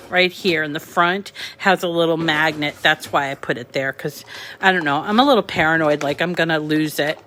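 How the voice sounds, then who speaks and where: A woman's voice: on the low side, fairly bright tone, a little hiss or hum. A woman with a New England accent, hosting a live craft tutorial, chatting with viewers and reading out their comments. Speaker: crafting channel host.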